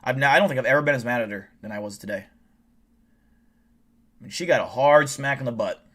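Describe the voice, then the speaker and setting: A man's voice: medium pitch, quick pace, fairly bright tone. A man hosting a livestream, tired and a bit drunk, chatting casually in a rambling, profane way with lots of restarts. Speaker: livestream host.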